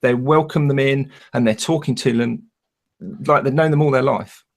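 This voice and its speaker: A man with a Northern English accent, a podcast co-host telling a travel story in a thoughtful, measured way. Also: medium pitch, steady tone, vocal fry. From United Kingdom. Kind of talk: casual chat.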